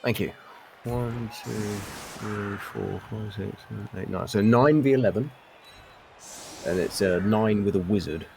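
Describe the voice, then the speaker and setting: Man, young adult, low mellow voice, live game caster, chatty, lots of fillers. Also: unhurried, creaky, a little hiss or hum. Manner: chatty, repeats himself, many fillers. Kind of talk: casual live game commentary.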